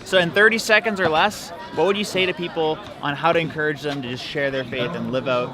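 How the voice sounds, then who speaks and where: A man's voice: fairly high pitch, fairly quick. A man from Canada, vlogging and interviewing people in a casual, upbeat, encouraging way. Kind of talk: casual vlog chat and interview. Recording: crowd noise behind.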